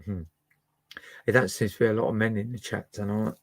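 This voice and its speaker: A man's voice: lowish voice, fairly even intonation, a little fast, no echo. A man chatting and musing as host of a livestream where he plays records. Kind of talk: casual chat to a live chat.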